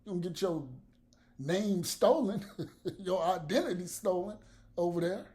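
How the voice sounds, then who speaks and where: A man's voice: sits high, a little slow, warm tone. A man vlogging blunt, profane commentary to the camera, with laughs between his points.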